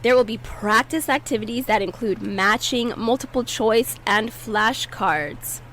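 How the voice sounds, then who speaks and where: Woman teacher going real slow over vocab words, patient, a little hiss behind her. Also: a little high, fairly bright tone, low-quality recording. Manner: patient, enunciates each word slowly for repetition. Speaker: Spanish teacher. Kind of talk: slow, clear language lesson.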